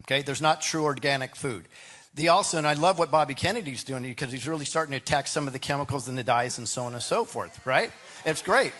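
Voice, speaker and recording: A man's voice: mid-range voice, fast, a bit bright. A man speaking as a political candidate in a debate, rambling, with restarts and "right?" asides. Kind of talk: debate answer.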